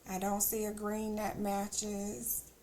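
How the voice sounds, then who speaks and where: A woman's voice: mid-range voice, completely flat delivery, slow, warm tone. A woman streamer chatting casually as she plays, thinking aloud with teasing asides. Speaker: game streamer. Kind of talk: casual gameplay commentary.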